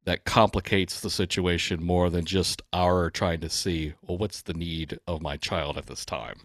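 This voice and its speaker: A man from Louisiana co-hosting a parenting podcast, speaking in a calm, plain-spoken way. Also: deep voice, a little slow, no room sound, clean studio sound. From Louisiana, USA. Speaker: podcast co-host. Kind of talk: casual parenting podcast chat.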